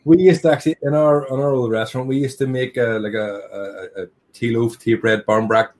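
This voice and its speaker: A man's voice: mid-range voice, fairly even intonation, fairly quick, darkish tone. A man who runs a tea business, chatting as a guest in a casual interview and telling stories with jokes at his own expense. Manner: joking, self-deprecating storyteller.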